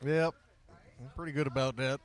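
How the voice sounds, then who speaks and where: A man's voice: medium pitch, steady tone, moderate pace. A man co-hosting a casual podcast, wry and teasing. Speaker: podcast co-host. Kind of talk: casual chat.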